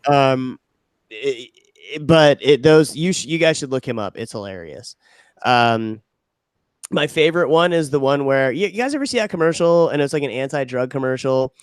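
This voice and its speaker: A man's voice: medium pitch, normal speed, smooth, dry recording, studio quality. A man co-hosting a podcast, chatting casually, swearing freely and laughing as he retells funny videos. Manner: profane, laughing, animated retelling with quoted voices. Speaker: podcast co-host.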